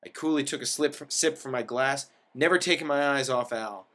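A man's voice: mid-range voice, a little fast, a bit bright. Man reading a wry first-person story.

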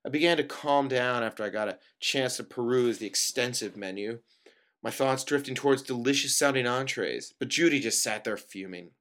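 Man reading a first-person story aloud. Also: normal speed. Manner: narration in an even tone, dialogue with sudden high jumps. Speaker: narrator.

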